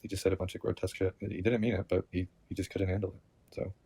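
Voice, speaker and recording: A man's voice: deep voice, flat delivery, quick pace, warm tone, slightly rough. A man talking to camera in a rambling, agitated personal monologue, swearing constantly and repeating himself. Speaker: vlogger.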